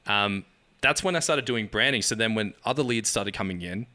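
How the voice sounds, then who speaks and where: An Australian agency founder appears as a podcast guest, speaking at a normal pace in a fairly low voice. He tells stories casually and animatedly, acting out the dialogue and laughing often.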